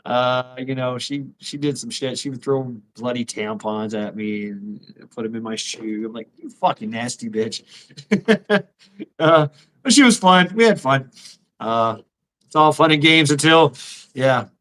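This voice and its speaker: A man's voice: medium pitch, animated, unhurried, fairly bright tone. Profane, laughing middle-aged male streamer. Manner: crude, profane, laughs often. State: tired, out of breath. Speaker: livestream host. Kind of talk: casual livestream chat.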